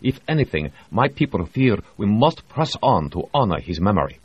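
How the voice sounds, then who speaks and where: A man voicing an energetic, nervous Japanese project director who speaks rapidly and eagerly in a raised voice. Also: on the low side, breathy edge, voice pushed up. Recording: dry, slightly muffled audio.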